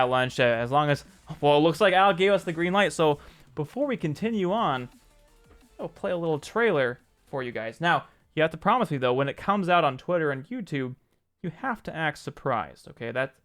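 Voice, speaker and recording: Male streamer, slightly high voice, loose and talkative, self-correcting, faint music under. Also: animated, moderate pace, fairly bright tone, smooth. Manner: chatty, answers chat by name, jokes and corrects himself. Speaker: streamer and game developer. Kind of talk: casual live-stream chat.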